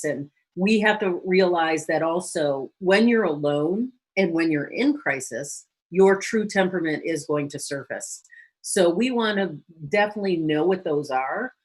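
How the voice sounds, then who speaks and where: A woman counselor giving a lively teaching talk to a church audience, briefly acting out quoted phrases. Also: fairly low pitch, slightly rough. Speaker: guest speaker and counselor.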